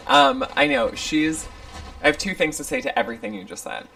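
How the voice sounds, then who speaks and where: A woman's voice: on the low side, sing-song, brisk, gravelly, fairly bright tone. A woman co-hosting a casual podcast, sassy and teasing, tossing out playful swears. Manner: sassy, calls people "bitch" playfully. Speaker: podcast co-host. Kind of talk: casual chat. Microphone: studio microphone.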